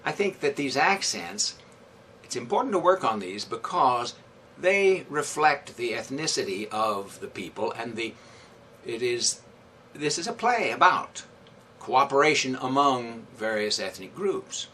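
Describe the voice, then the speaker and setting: A man's voice: mid-range voice, expressive, measured pace, pushed and bright, far from the mic, slight background noise. A man directing community theatre, answering interview questions thoughtfully with many fillers and restarts.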